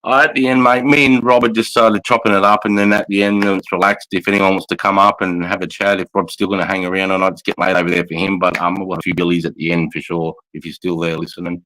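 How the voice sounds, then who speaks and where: A very deep-voiced Australian man talks loosely on a livestream, rambling through his stories and peppering every sentence with swearing and "mate". The sound is dry and close, with no room around him. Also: flat delivery, fast talker, hardly any pauses, pushed and bright, no echo, rough recording. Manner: rambling, heavily profane, says mate constantly. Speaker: livestream host and military veteran. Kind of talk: casual livestream chat. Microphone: phone.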